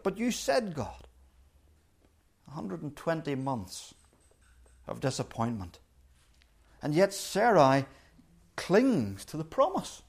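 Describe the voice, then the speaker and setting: A man preaching a sermon in an earnest way, acting out quoted lines with loud and soft swings. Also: sits high. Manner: earnest, acts out quoted voices with shifting volume.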